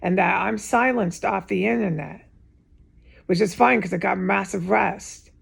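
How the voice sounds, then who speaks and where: A woman's voice: medium pitch, unhurried, creaky, breathy edge. A woman vlogging from home in a rambling, agitated monologue to camera, repeating herself and swearing often. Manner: agitated, repetitive, with frequent swearing. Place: home, indoors.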